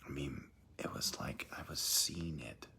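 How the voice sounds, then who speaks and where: A man's voice: a bass voice, steady tone, a little slow, vocal fry, pushed and bright. A man telling a strange personal experience in a rambling, hesitant way, often dropping into a whisper. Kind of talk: casual first-person account.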